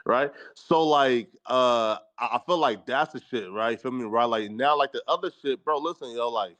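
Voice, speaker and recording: Guy on a podcast rambling about his content, lots of "right" and "you feel me", slangy and profane, normal pitch. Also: moderate pace, a bit bright. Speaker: guest on a podcast panel. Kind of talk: casual chat.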